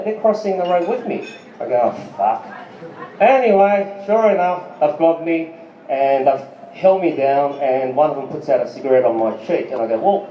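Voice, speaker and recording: A man's voice: a little high, a little hiss or hum. A middle-aged man doing a rambling, profane stand-up set, laughing as he tells his stories. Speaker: stand-up comedian. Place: live music club stage. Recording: echoey dull club recording.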